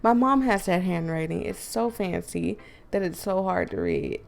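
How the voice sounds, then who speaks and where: A woman's voice: on the low side, moderate pace, gravelly. A young woman streamer giving casual let's-play commentary, chatty and giggly, reacting aloud as she reads. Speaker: gaming streamer.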